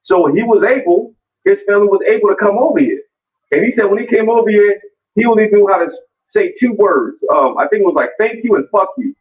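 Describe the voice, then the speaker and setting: A man arguing his turn in an online debate, blunt and heavily profane, with many restarts and fillers. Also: sits high. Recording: distant, muffled call audio.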